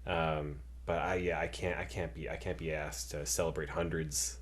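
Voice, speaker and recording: A man's voice: rumbling low, level tone, normal speed. A young man co-hosting a podcast, chatting casually with dry, teasing banter. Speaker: podcast co-host. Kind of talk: casual chat.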